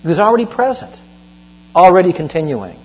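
A man preaching a sermon, teaching through a Bible passage in a measured way and stressing key phrases. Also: high-pitched, very animated, breathy edge. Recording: dull lo-fi with mains hum.

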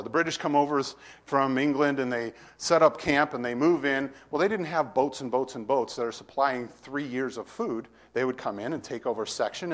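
A middle-aged man preaching a sermon, reading scripture and explaining it with lively shifts between loud and soft delivery. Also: medium pitch. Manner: expressive teaching, swings from loud to soft, acts out voices. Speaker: pastor.

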